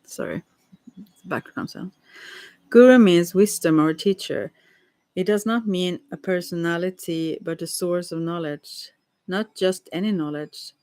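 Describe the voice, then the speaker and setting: A woman softly reading a text aloud for ASMR, hushed and unhurried, now and then stumbling over words and apologizing. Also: lowish voice, dry recording. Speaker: ASMR reader. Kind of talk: soft-spoken ASMR reading.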